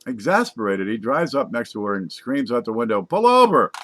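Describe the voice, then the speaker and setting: A man's voice: medium pitch, expressive, a little fast. A man casually reading jokes aloud, laughing at his own punchlines and adding wry asides. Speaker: comedy joke reader.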